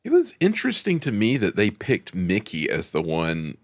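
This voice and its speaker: A man chats on a film podcast, tossing in jokes and quick reactions between laughs. His low voice has a gravelly edge and swings widely in pitch, recorded dry and close. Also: huge pitch swings, no room sound. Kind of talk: casual film discussion podcast.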